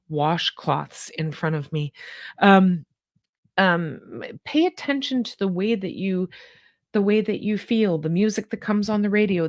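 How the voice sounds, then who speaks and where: Chatty woman medium, low and dry. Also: dry recording. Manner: warm, chatty, laughs often, trails off and restarts. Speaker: psychic medium host. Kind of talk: live stream chat reading viewer comments.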